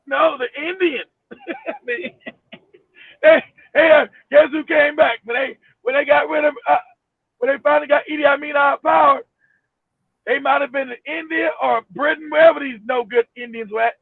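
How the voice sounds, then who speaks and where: A man co-hosting a casual chat, ranting loudly and profanely. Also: very high-pitched, normal speed, creaky, pauses often, no room sound. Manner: loud, animated, profane ranting. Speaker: co-host. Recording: tinny phone-like line.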